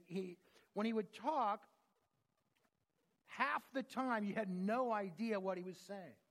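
A man preaching a sermon, telling stories in an earnest, conversational way. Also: high-pitched.

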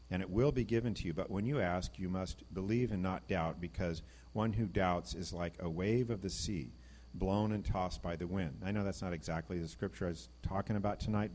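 A middle-aged man giving an informal Bible teaching, reading passages and talking them through with lively emphasis. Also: deep voice. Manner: conversational, reads scripture aloud, animated emphasis. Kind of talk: informal sermon.

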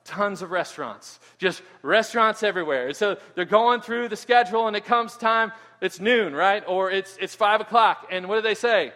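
A man preaching a sermon in an animated way, often asking "right?" and repeating words as he goes. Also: high voice, brisk, few pauses. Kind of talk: expository sermon. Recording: long hall reverb.

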